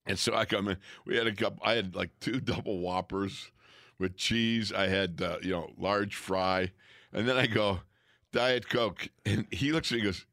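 A man's voice: lowish voice, steady tone, moderate pace, fairly bright tone, no room sound, studio quality. A man co-hosting a casual sports chat, hearty and easygoing, exclaiming freely. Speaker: co-host.

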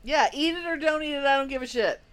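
A woman's voice: high-pitched, fast talker. A woman in casual chat, laughing and cursing in agreement with her friend's story.

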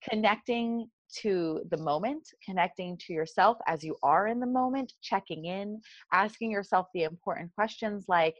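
This South Jersey woman in her forties guides meditation and is being interviewed for a podcast. Her mid-range voice moves at normal speed with no echo, and she comes across as earnest and animated, explaining things through examples.

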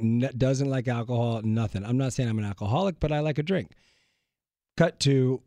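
A man's voice: mid-range voice, dark tone, no room sound. Playful man telling a story, dry sound. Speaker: podcast co-host. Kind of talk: casual chat.

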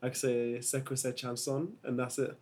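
A man's voice: medium pitch, little pitch movement, normal speed, darkish tone. A man in casual podcast banter who speaks bluntly and repeats himself.

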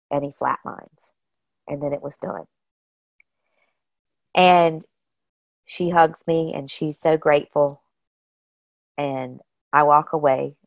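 A woman guest telling personal stories in a casual, animated way, often saying "you know" and "like". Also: low voice, vocal fry, dry recording. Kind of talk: casual storytelling.

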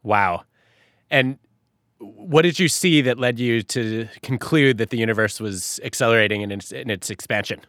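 A man's voice: medium pitch, moderate pace, a bit bright, dry recording. Guy hosting a podcast, curious questions, medium voice, dry sound. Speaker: podcast host. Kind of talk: interviewing a guest.

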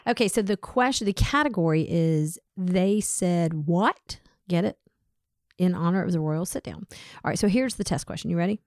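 A woman's voice: lowish voice, normal speed, a little mellow, no room sound, studio quality. A woman co-hosting a talk show, upbeat and bubbly as she runs a trivia game. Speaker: co-host. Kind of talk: casual chat.

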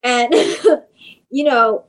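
A woman's voice: fairly high pitch, drawn-out words, rough recording. A woman who sells cars, talking frankly in a casual chat. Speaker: car saleswoman.

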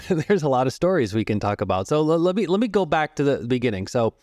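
A man in his fifties, a podcast guest, telling stories about music and meditation in a calm, reflective way and explaining through analogies. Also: medium pitch, fairly quick, dry recording, studio quality. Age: 50s. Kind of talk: storytelling interview talk.

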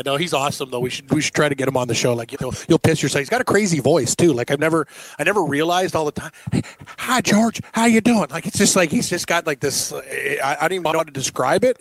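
A man's voice: a little high, no echo. A middle-aged man hosting a sports talk show, chatting casually and rambling with lots of fillers and laughs.

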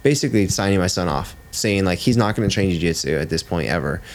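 Man, 30s, very low voice, blunt, profane, casual podcast storytelling. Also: animated, quick pace. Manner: blunt, swears freely, says "dude" often. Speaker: jiu-jitsu coach and father.

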